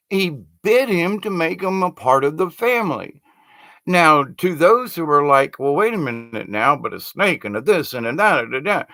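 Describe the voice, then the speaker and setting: A man's voice: a little high, no echo. Male spiritual storyteller, conversational, dry close sound. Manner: animated, conversational storyteller with frequent restarts. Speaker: spiritual teacher. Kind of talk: spoken storytelling talk.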